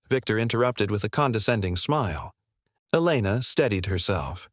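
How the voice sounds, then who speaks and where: A man reading a scripted story in an even, measured way. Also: on the low side, dry recording, studio quality. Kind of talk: scripted narration.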